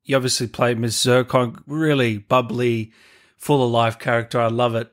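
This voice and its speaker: A man's voice: medium pitch, level tone, moderate pace. Enthusiastic man hosting an interview. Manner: enthusiastic fan, coaxing. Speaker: podcast host. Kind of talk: casual interview.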